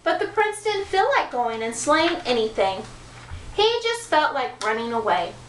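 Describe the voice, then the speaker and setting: A woman reading a children's story aloud with playful, expressive narration. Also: high voice, measured pace, slight background noise. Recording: echoey room from far off.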